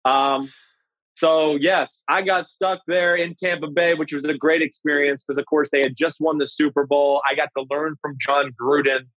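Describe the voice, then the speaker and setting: A man in his forties, a former pro quarterback, casually telling a draft story with animated, profane energy. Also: a little high, moderate pace, no echo, lo-fi sound. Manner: animated, profane, acts out quoted voices. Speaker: former NFL quarterback, podcast guest.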